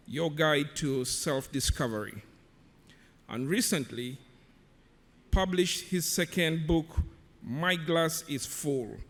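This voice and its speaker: A man serving as emcee, formally reading out a speaker's introduction in a measured way. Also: on the high side, fairly bright tone. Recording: long hall reverb.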